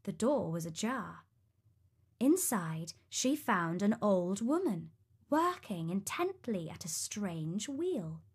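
A woman narrating a fairy tale in a storybook reading, with an expressive, unhurried manner. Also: medium pitch, slightly rough.

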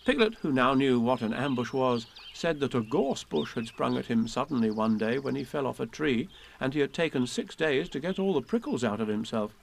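A man reading children's poems and stories aloud in a gentle, expressive way. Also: medium pitch, brisk, gravelly, hardly any pauses, a little hiss or hum.

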